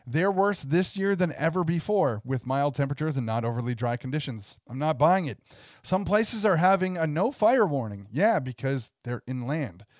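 Canadian male co-host, slightly high voice, dry sarcastic rant delivery. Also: big pitch swings, moderate pace, dry recording. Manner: sarcastic ranting, partly read aloud. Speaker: podcast co-host. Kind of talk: casual political chat.

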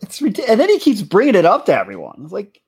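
A man's voice: high voice, huge pitch swings, fast talker, a little mellow, husky. A man co-hosting a podcast in casual chat, throwing in dry one-liners. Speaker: podcast co-host.

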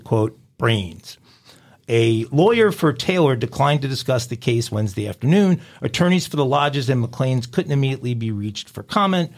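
A man co-hosting a crime news podcast, reading headlines and quotes aloud and adding wry, deadpan remarks. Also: medium pitch. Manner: wry, deadpan commentary between quoted passages. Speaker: podcast co-host.

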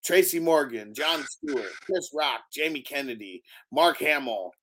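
A man's voice: a little high, animated, a little slow, fairly bright tone, a little hiss or hum. A man co-hosting a casual podcast, rambling through movie scenes, laughing often and swearing freely. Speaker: podcast co-host.

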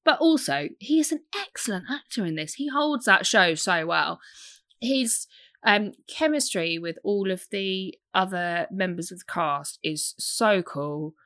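A young woman co-hosting a casual podcast chat, animated and swearing freely. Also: medium pitch, unhurried, dry recording, studio quality. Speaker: podcast co-host.

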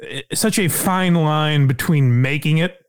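A man's voice: on the high side, a little slow, clear, resonant tone. A man hosting a podcast, chatting casually, laughing and using lots of fillers. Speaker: podcast host. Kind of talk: casual chat.

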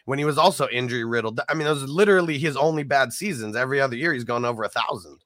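Male sports podcast host, talky and stat-driven, bright and dry close sound. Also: medium pitch, rapid-fire, no room sound. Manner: chatty, stat-heavy, filler-laden. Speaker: fantasy football podcast host. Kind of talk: casual sports chat.

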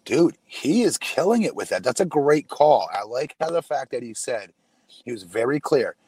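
A man's voice: mid-range voice, big pitch swings, moderate pace, darkish tone, slightly rough, no room sound. A man co-hosting a casual podcast, talking loosely and laughing easily. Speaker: podcast co-host. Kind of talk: casual wrestling podcast chat.

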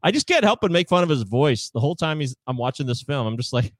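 A man's voice: medium pitch, big pitch swings, fast, no echo. A man co-hosting a casual film discussion podcast, wry and sarcastic, reading bits of reviews aloud. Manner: wry, reads quotes aloud, sarcastic asides. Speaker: podcast co-host.

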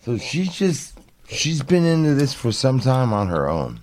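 A man's voice: medium pitch, huge pitch swings, a little slow, darkish tone. A man co-hosting a podcast who chimes in with short, laid-back reactions in casual chat. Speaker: podcast co-host.

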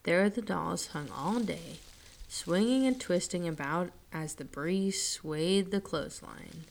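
A woman storyteller reading a children's story aloud in a slow, soothing way, dropping her voice at line ends. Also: fairly low pitch, creaky.

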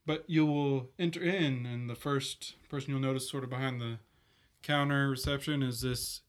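A man's voice: mid-range voice, normal speed. A man narrating as game master of a tabletop game, casual and rambling with many fillers.

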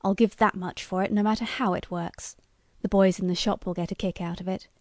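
A woman voicing a gruff, skeptical older male colonel who talks bluntly. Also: mid-range voice, steady tone, fairly quick, dry recording, clean studio sound, close to an everyday voice.

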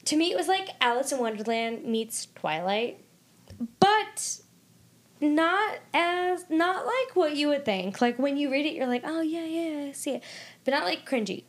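Young female co-host, slightly high voice, effusive and repetitive, casual chat. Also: sing-song, unhurried. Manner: gushing, emphatic, repeats words. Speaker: podcast co-host.

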